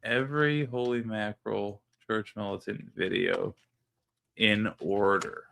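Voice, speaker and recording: A man casually commenting on videos during a live stream, amused and thinking aloud with pauses. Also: fairly low pitch, steady tone, creaky, a bit bright.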